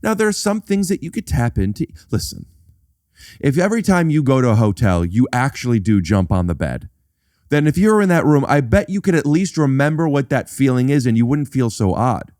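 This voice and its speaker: Guy guesting on a comedy podcast, acts out his stories, pitch all over the place, dry close sound. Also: fairly quick, dry recording. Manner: animated storyteller, acts out the people in his stories. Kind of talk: casual chat.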